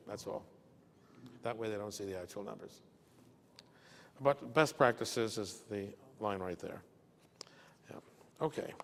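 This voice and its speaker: A man's voice: lowish voice, brisk, long pauses, a little hiss or hum. An older man giving a keynote business talk, a folksy storyteller who jokes and checks in with his listeners. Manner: folksy, joking storyteller who asks "okay?" often. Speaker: keynote speaker. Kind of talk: business lecture with anecdotes. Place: breakfast event hall. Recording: echoey hall with long reverb.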